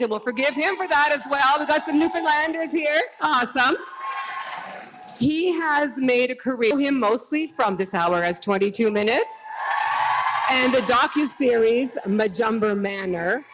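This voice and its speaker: A woman's voice: high-pitched, measured pace, background noise. A woman emceeing an outdoor rally stage, upbeat and chatty as she hypes the crowd and introduces acts.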